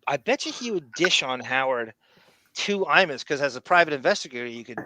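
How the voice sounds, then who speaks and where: A man's voice: fairly high pitch, lively intonation, a little fast, bright, forceful tone, slight background noise. A man hosting a live podcast, chatting and speculating as he reacts to a clip and to viewer comments. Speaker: podcast host. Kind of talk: casual live podcast chat.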